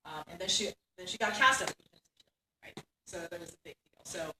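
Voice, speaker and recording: A woman's voice: lowish voice, expressive, fairly quick, pushed and bright, slight background noise. A woman giving a conference keynote lecture in a conversational way, often laughing and tagging her points with "right?". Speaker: keynote speaker. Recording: echoey hall from far off.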